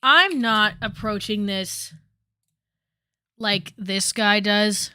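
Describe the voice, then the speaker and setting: A woman's voice: mid-range voice, very slow, sharp tone, smooth, no room sound. A young woman chatting casually on a commentary stream, rambling with many fillers and asides.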